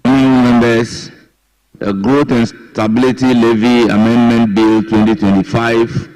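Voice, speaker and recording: A man presiding as speaker of parliament, calling votes in a measured, formal way. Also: medium pitch, little pitch movement, a little mellow, rough recording. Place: parliament chamber.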